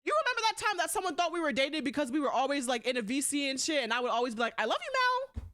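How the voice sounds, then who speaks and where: A young woman streaming live, chatting casually and bluntly, swearing a lot and swinging between loud outbursts and quieter asides. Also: high voice, lively intonation, very fast. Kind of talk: casual livestream chat.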